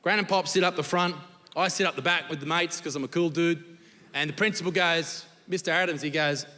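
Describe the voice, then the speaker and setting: A man's voice: on the high side, steady tone, fairly quick. Brash Australian man doing stand-up. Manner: crude, profane storytelling with shouted punchlines. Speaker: stand-up comedian. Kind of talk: stand-up comedy. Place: large theatre stage with audience laughter. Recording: live show with long hall reverb and background noise.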